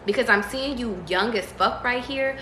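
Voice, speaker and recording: A woman giving a casual tarot reading, slangy and profane, breaking into excited squeals. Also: fairly high pitch, normal speed, reverberant, slight background noise, low-quality recording. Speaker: tarot reader.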